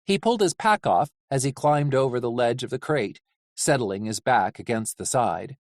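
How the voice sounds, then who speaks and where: An audiobook reader giving measured, animated narration of a story. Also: medium pitch, no echo, clean studio sound. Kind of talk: scripted narration.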